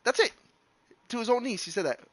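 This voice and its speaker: A man's voice: very high voice, lively intonation, a little fast, a bit bright, no echo. A young man streaming, rambling through a personal story with lots of fillers and restarts. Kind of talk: casual storytelling.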